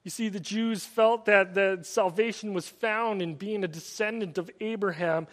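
A man preaching a sermon, retelling stories in an animated, storytelling way with many repeated "and"s. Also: sits high, moderate pace. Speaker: pastor. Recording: long hall reverb.

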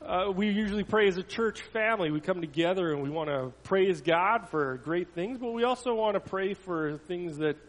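A man, a pastor, reading a children's Bible story to a church, swelling loud then dropping to a hush. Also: sits high, normal speed, few pauses. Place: church sanctuary. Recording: long reverb of a church hall.

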